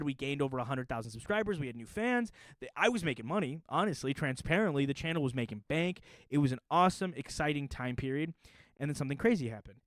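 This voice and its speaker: A young man talking casually to his viewers in a chatty, joking manner, with quick asides. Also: on the high side, dry recording. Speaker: youtuber. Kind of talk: casual vlog explainer.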